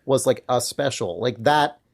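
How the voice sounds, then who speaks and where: A man in relaxed podcast conversation, working through ideas aloud in long sentences. He hedges often and leans on filler words. His voice sits at an ordinary middle pitch. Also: a little slow, gravelly. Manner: thoughtful, hedging, many filler likes. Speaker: podcast co-host. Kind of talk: casual podcast discussion.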